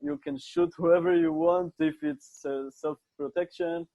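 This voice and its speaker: Sex: male. Origin: Israel. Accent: Israeli. Native: Hebrew. Role: podcast guest. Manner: blunt, crude, quick to laugh. Pitch: slightly high. Sound: dry. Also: sing-song, vocal fry, warm tone, no room sound, poor audio. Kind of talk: casual podcast chat.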